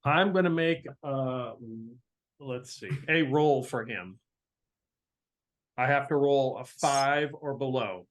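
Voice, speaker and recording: A man's voice: medium pitch, slow pace. A man running a tabletop game as game master, who gives easygoing rulings full of fillers.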